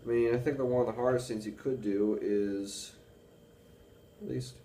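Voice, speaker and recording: A young man with a baritone voice, rambling casually to camera with many fillers about reading and analyzing music. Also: steady tone, normal speed, dark tone, far from the mic, slight background noise. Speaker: music student vlogger. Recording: echoey room with faint music.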